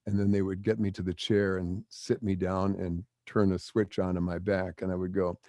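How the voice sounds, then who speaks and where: An older man, a veteran broadcaster, telling lively stories in an interview and acting out the quotes. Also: low-pitched, normal speed, hardly any pauses, no room sound, clean studio sound. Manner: animated storyteller acting out quotes. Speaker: guest, broadcaster. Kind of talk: storytelling interview.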